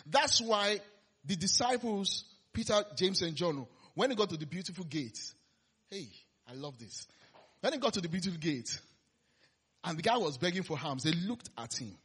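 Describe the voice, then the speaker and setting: A man preaching a conversational sermon, laughing often and swinging between loud emphasis and quiet asides. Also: high-pitched, very animated, moderate pace, breathy edge.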